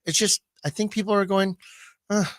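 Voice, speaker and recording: A man hosting a sports card radio show, chatting casually and lively, often slipping into quick comic voices. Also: on the high side, vocal fry, no room sound. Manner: animated, slips into quick comic put-on voices.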